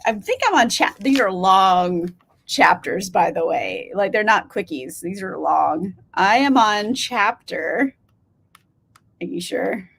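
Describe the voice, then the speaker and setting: A woman's voice: medium pitch, lively intonation, takes it slowly, gravelly, a bit bright, breathy edge. A woman in her thirties hosting a casual reading livestream, chatty, swearing casually and laughing often as she reads out chat replies.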